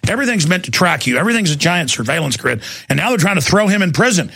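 A man hosting a talk radio show, rambling fast with heavy sarcasm into a studio microphone. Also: a little high, very animated, creaky, bright, forceful tone, slightly rough, no echo.

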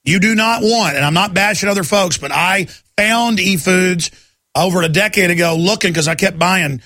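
Man, radio host, emphatic rant, dry studio sound, raised pitch. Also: creaky, sharp tone, no room sound. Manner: ranting, emphatic, many restarts. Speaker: radio talk show host. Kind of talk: talk radio monologue. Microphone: studio microphone.

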